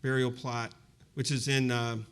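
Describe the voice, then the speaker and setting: Measured in pace and clear and resonant in tone, this man's medium-pitched voice shows little pitch movement. He's in his fifties, presenting at a university event to a live audience, telling a personal story reflectively and conversationally with frequent fillers such as "you know."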